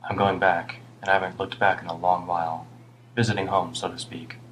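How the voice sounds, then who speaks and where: A man's voice: deep voice, little pitch movement, a little fast, fairly bright tone, slight background noise, low-quality recording. A man doing a weary, rambling homeless man. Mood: rueful. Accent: British. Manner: rambling, rueful, muttering at times. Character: weary homeless British man, older, rambling and self-reproaching.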